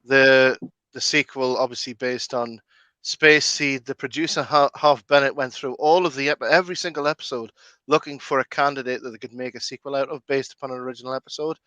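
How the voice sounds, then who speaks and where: A man's voice: medium pitch, steady tone, brisk, pushed and bright, no echo. A man hosting a casual movie watch-along commentary, chatty and full of film trivia. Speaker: host.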